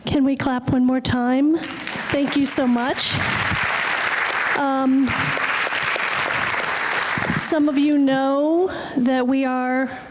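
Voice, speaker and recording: A woman's voice: high-pitched, level tone, very slow, pauses often. A woman hosting an event, cheerfully announcing to the audience in an auditorium. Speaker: event host. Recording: loud crowd and noise, off-mic.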